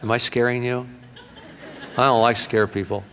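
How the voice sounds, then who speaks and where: A middle-aged male pastor preaching a sermon in a church, folksy and animated, slipping into acted-out voices. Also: medium pitch, normal speed, vocal fry, a faint crowd. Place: church sanctuary. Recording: long reverb of a large hall.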